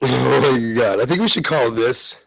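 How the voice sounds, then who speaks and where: Guy with a gravelly voice hosting his live radio show, rambly, lots of ums and restarts. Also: medium pitch, moderate pace, a bit bright, poor audio. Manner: rambling, chatty, with many fillers and restarts. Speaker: radio talk show host. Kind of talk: casual live-stream chat.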